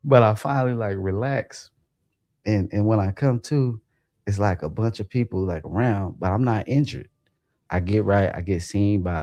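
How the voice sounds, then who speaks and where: Gravelly-voiced man telling a wild story. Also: dry recording. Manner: animated, profane, jumps to high pitch when quoting himself. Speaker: livestream host. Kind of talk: casual storytelling about a dream.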